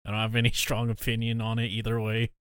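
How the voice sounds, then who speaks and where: Wry young man with a bright voice. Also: monotone, quick pace, smooth, dry recording, clean studio sound. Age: young adult. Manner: low-key, wry and joking. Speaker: podcast co-host. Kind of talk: casual chat.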